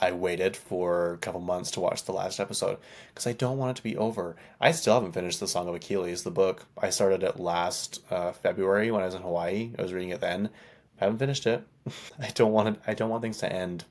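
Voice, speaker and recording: A man hosting a podcast in a casual pop culture chat, rambling and chatty, often correcting himself and laughing. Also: low-pitched. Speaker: podcast host.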